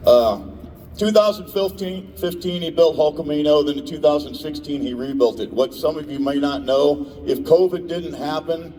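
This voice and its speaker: A man's voice: fairly high pitch, moderate pace, hardly any pauses, warm tone, a little hiss or hum. A man giving an emotional, rambling, off-the-cuff award speech in a large event hall. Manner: emotional, rambling, self-interrupting. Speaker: awards presenter. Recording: distant mic in a reverberant hall.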